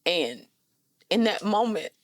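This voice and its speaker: A woman in her thirties telling a personal story on a podcast, animated and direct, calling listeners "y'all" and "girl". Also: mid-range voice, slow, no echo. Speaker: guest.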